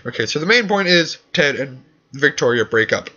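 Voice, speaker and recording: A man's voice: mid-range voice, lively intonation, normal speed, bright, forceful tone. Rambling young man on lo-fi mic. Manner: rambling, lots of fillers and sarcastic asides. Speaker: vlogger recapping a TV episode. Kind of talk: casual rambling chat. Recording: dull lo-fi home recording.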